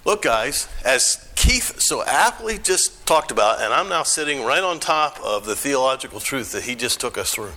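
American guy talking in church, bright tone, keeps asking the room questions. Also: mid-range voice, lively intonation, moderate pace, hardly any pauses. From United States. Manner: conversational, asks the audience questions. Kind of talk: church talk.

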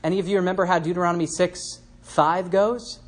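A man's voice: sits high, fairly even intonation, a little fast. Conversational male preacher teaching scripture. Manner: conversational, asks the listeners questions and adds asides; acts out quoted speakers in changed voices. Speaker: preacher teaching a Bible passage. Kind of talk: sermon.

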